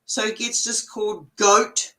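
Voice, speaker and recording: A woman chatting casually on a livestream from home, animated and quick to laugh, swearing now and then. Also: medium pitch, low-quality recording. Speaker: co-host of a spiritual livestream. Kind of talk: casual chat.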